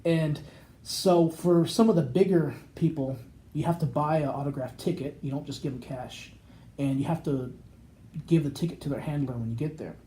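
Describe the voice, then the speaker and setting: A man's voice: on the high side, moderate pace. A man co-hosting a podcast, telling a long casual anecdote and acting out the people in it. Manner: rambling, animated anecdote with acted quotes. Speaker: podcast co-host. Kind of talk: casual storytelling chat.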